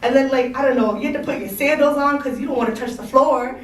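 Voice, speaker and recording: Young woman rambling about college, high voice, lots of likes and giggles, echoey far off. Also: quick pace. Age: young adult. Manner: chatty, giggly, says "like" a lot. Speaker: college panel speaker. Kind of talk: casual talk to students. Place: school room.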